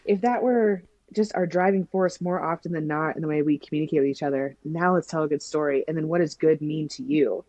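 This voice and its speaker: A woman speaking as a podcast guest in a warm, mellow voice. She talks enthusiastically and expressively, and the recording is close and dry. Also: deep voice, fairly quick, few pauses, dry recording, muffled recording. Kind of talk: casual conversation.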